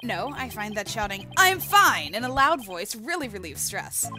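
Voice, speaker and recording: A woman plays an earnest young male lawyer who talks loud and punchy, leaning on every word with keen energy. Game music plays under the voice. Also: mid-range voice, animated, normal speed, close to an everyday voice. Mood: emphatic. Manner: loud, emphatic, shouting bursts.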